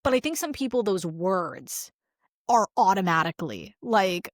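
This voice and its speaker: A woman's voice: medium pitch, sing-song, moderate pace, no echo, studio quality. A woman in her thirties co-hosting a podcast, chatting casually with lots of fillers and acting out quoted dialogue. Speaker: podcast co-host. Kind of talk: casual chat.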